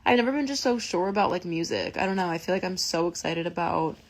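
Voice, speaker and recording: A woman's voice: lowish voice, expressive, fast talker. A woman in her twenties chatting casually with fans on a live stream from her phone, emotional and full of fillers and restarts. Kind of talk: casual livestream chat with fans.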